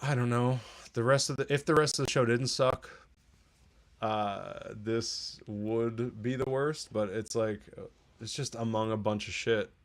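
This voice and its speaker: A man hosting a TV review podcast, giving a casual, sarcastic, exasperated solo rant with mocking asides. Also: mid-range voice.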